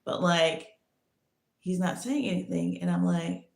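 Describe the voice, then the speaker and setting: Woman host, lowish creaky voice, rambling casual storytelling, echoey room. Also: unhurried, a little mellow. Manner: rambling, many restarts and "like"s. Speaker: podcast host.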